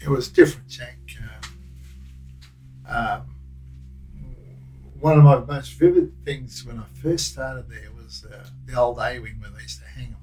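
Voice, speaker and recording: An older Australian ex-prison officer tells meandering, slang-filled tales in an unhurried, warm, medium-pitched voice with a steady tone. He restarts now and then during this casual interview. Faint music plays behind him, and the audio is poor.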